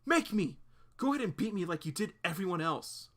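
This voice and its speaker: A man's voice: animated, normal speed, a bit bright. A defiant teenage girl from a comic, scolding and accusing in a lifted, firm voice. She sounds brave and bitter, as a man puts her on while reading aloud, and she stands her ground. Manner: raised pitch, scolding and accusing.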